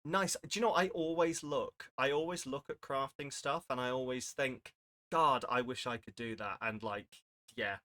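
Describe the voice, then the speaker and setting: Chatty, bright-voiced streamer man. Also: mid-range voice, normal speed. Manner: rambling, self-deprecating, chatty. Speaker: charity streamer. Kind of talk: casual live-stream chat. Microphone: desk microphone.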